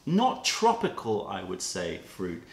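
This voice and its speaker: A man's voice: sits low, huge pitch swings, vocal fry. Male host, casual tasting chat, musing delivery, roomy echoey sound. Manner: musing, lists flavour notes slowly. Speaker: tea shop host. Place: indoor room with cups and kettles. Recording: echoey room, faint noise.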